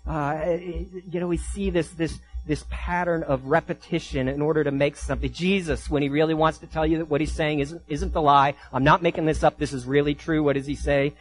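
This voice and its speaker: A man preaching a sermon, often repeating and restarting words and building to loud emphatic peaks. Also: fairly high pitch, normal speed, few pauses. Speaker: pastor.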